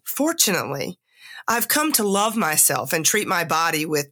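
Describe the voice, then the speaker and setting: A woman's voice: lowish voice, very animated, moderate pace, sharp tone. A middle-aged woman hosting a podcast, talking candidly and confessionally about herself while she is sick with a cold. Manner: candid, confessional, self-mocking asides. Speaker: podcast host. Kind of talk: personal reflective monologue.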